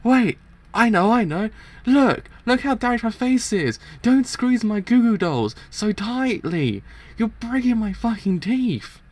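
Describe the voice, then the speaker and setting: A man doing a squeaky, shrill voice for an erratic young woman inmate while reading a manga aloud. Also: lively intonation, moderate pace. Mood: pleading.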